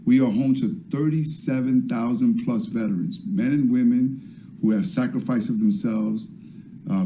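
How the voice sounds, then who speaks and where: Man with a deep, warm, dark tone; earnest patriotic address over a video call. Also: low-quality recording. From the Bronx, New York. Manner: earnest, patriotic, with fillers and restarts. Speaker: borough president. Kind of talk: speech to a virtual event.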